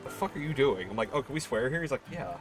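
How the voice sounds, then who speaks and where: A man's voice: medium pitch, big pitch swings, brisk, faint music behind. A man streaming a game while telling rambling, self-correcting stories about work. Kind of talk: casual chat while gaming.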